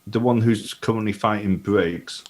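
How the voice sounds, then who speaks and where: A man's voice: fairly low pitch, measured pace. A man playing a tabletop game, tentatively describing his character's spell. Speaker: player.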